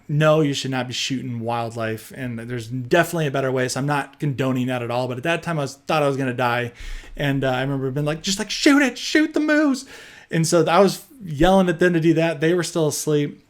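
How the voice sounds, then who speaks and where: A young man with a slightly high voice tells a personal story in a loose, chatty way. He is animated and keeps dropping in fillers as he goes. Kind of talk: storytime narration.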